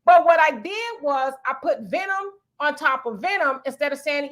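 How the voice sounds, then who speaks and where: A woman with a very high, bright and forceful voice hosts an opinion talk show. She lectures emphatically and lays out each point step by step, like a teacher. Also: lively intonation, moderate pace, few pauses.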